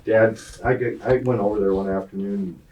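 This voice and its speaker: A man's voice: lowish voice, steady tone, a little fast, dull audio. A man telling a long, profane, rambling story in a casual podcast chat, chuckling as he goes. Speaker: racing guest telling a story. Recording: distant mic with clear background noise.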